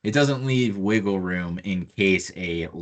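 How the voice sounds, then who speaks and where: Very deep-voiced man raising careful concerns. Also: slow. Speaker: board member. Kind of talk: board meeting discussion.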